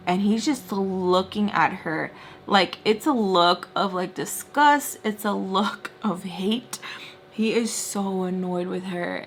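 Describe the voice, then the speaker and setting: A young woman in her twenties telling a story casually while doing her makeup, acting out quotes with lively pitch jumps and dropping to whispers. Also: slow, a little hiss or hum. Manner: animated, acts out quotes with shifting pitch and whispers. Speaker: storytime vlogger.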